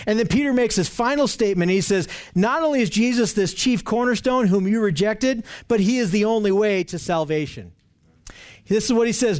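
A man with a high voice delivers a sermon. He presses his points hard, repeating key phrases and restarting sentences as he goes. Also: a little fast, darkish tone. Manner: emphatic, repetitive preaching with frequent restarts. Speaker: preacher.

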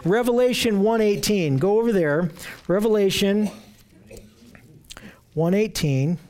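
A man's voice: sits high, a little slow, darkish tone. A man preaching an earnest sermon, reading scripture aloud and often repeating words as he searches for phrasing.

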